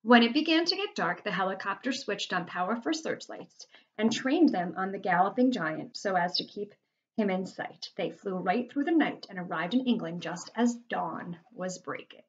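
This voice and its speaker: A woman's voice: medium pitch, lively intonation, moderate pace, dull audio. A woman teacher reading a children's novel aloud to her class, adding chatty asides and explaining words.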